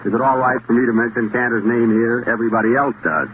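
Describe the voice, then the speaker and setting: A man's voice: mid-range voice, fairly even intonation, fast, noisy background. Wisecracking man on a tinny old radio broadcast. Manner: dry, self-mocking wisecracks with hesitant fillers. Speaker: radio show host. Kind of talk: 1930s radio comedy hosting.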